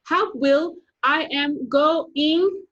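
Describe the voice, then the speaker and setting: A woman voicing a loud, showy eleven-year-old girl who teases in a sing-song voice and drops in Spanish words. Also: high-pitched, a little slow, pitched above the performer's own voice. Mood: shrieking. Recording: dull lo-fi recording.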